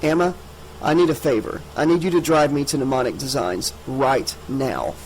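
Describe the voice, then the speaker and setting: A man's voice: medium pitch, moderate pace, darkish tone, slight background noise, lightly acted, poor audio. A man doing an urgent, determined teenage boy. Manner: urgent, intense.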